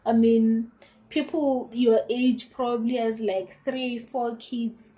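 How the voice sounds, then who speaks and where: A woman's voice: on the high side, slow pace, rough recording. A South African woman in her twenties, telling her pregnancy story casually to camera, acting out the conversations she retells. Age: 20s. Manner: animated retelling with quoted dialogue and laughter. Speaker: YouTuber.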